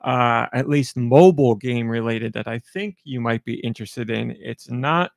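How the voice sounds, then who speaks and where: A middle-aged man chatting casually on his podcast, rambling and poking fun at himself. His mid-range voice has a gravelly fry at the ends of phrases. The sound is close and dry, with no room around it. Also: medium pitch, moderate pace, no room sound. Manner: rambling, self-deprecating, chatty. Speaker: podcast host. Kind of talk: casual solo podcast chat.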